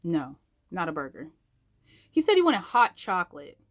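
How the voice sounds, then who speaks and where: Lady vlogger telling a church-y story to viewers, fairly low voice, jumps way up when she quotes folks. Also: normal speed. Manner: animated, acts out quoted voices with big pitch jumps; talks to viewers directly, uses "y'all". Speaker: vlogger sharing a faith story. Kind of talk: casual storytelling.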